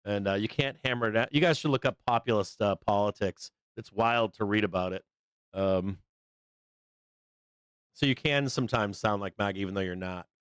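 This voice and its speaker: A middle-aged man ranting off the cuff on his live trading stream, swearing freely and breaking into laughs. His voice is smooth and resonant, recorded close and dry with no room sound. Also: on the low side, moderate pace, a bit bright, no echo. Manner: blunt, profane, laughs often. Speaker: live trading show host. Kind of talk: casual livestream chat.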